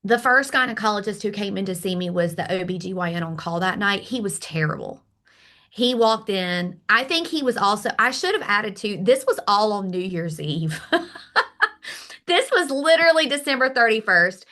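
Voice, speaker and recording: Middle-aged woman, bright forceful voice, candid emphatic storytelling. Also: mid-range voice, normal speed. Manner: animated, emphatic, acts out quoted dialogue. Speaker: podcast guest.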